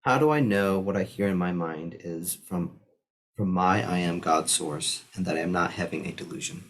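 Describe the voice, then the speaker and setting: Deep husky man reading questions. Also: normal speed. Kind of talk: casual reading of viewer questions.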